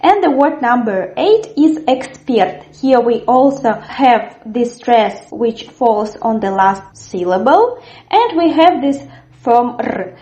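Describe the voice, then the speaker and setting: A woman teaching a language lesson, articulating words clearly and repeating them for learners. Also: on the high side, warm tone, echoey room. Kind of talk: slow, careful language lesson.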